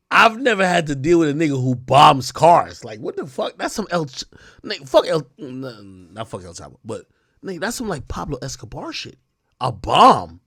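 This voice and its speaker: A man streaming casual reaction commentary, profane and quick to laugh. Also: fairly high pitch, gravelly, husky, no room sound, clean studio sound. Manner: profane, animated, laughs often.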